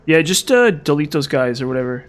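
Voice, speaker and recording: A man's voice: on the high side, sing-song, fairly quick. A man with a mild Utah accent, chatting casually with viewers on a live stream. He rambles, repeats words and uses many fillers. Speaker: gaming streamer.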